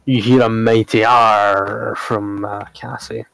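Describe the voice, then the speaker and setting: A man in a relaxed, descriptive manner, narrating as game master of a tabletop game. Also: on the low side, normal speed, dry recording, rough recording.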